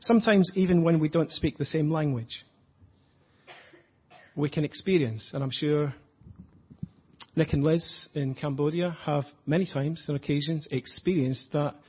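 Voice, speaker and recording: A man preaching an earnest, reflective sermon, slowing down to stress his points. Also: fairly high pitch, breathy edge, highs cut off. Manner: earnest, reflective, slows for emphasis.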